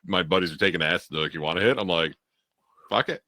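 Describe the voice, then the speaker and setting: A man's voice: low-pitched, fairly even intonation, very fast, pushed and bright, no room sound, clean studio sound. A middle-aged man co-hosting a podcast in laid-back casual chat, swearing often. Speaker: podcast co-host.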